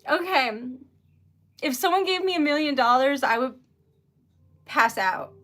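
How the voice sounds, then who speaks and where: Young woman livestreaming, high bright voice, giggly and flustered, keeps thanking chat. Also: expressive, measured pace. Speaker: small business owner livestreaming.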